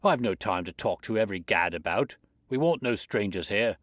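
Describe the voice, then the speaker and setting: A man voicing a fierce, bullying elderly horse trainer who blusters and shouts. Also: on the low side, expressive, moderate pace, no echo, studio quality. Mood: angry shouting.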